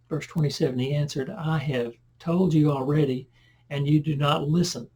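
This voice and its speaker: A man giving a verse-by-verse Bible lesson in a conversational manner. He reads the scripture louder and breaks into chatty asides. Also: fairly high pitch, steady tone, normal speed, husky. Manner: conversational, loud when reading scripture aloud, asides and self-corrections. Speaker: Bible teacher.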